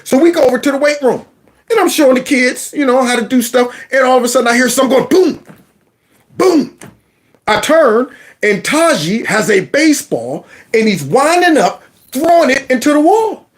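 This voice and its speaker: A man's voice: extremely high pitch, expressive, moderate pace. A man hosting a political commentary vlog, folksy and storytelling, who keeps calling his audience y'all. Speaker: host.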